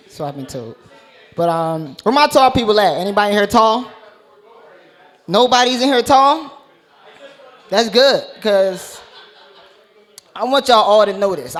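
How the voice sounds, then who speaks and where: Male stand-up comic, high voice, brash and profane, live club set. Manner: brash, profane, punchline-driven delivery. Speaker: stand-up comedian. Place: comedy club stage.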